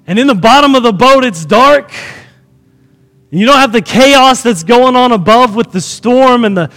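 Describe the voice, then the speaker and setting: A man's voice: extremely high pitch, animated, normal speed, a bit bright, big-room sound. A man pastor preaching a sermon to his congregation, repeating phrases for emphasis and asking the room questions. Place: church sanctuary.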